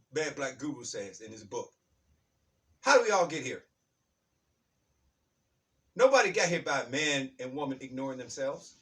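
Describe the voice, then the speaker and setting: A man giving an impassioned spiritual talk, fired up and preachy, repeating key lines and shouting words for emphasis. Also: fairly high pitch, far from the mic. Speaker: motivational speaker.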